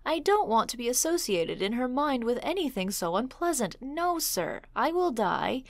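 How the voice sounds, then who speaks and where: A fretful young man, petulant and timid, voiced by a woman reading a storybook. He pleads and fusses, his voice lifting higher as he worries. The sound is close and dry. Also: very animated, moderate pace, no room sound. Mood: irritable.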